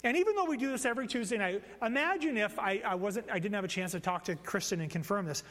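A man preaching in a church, his fairly high voice carrying a long hall reverb. He talks in a conversational, animated way, slipping into playful storytelling asides. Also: fast. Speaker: pastor. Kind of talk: sermon. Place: church sanctuary.

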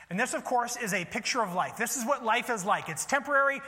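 A male pastor delivers a lively storytelling sermon, often asking his listeners questions. His voice is high and bright. It rings with a long reverb in a church hall. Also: quick pace, hardly any pauses.

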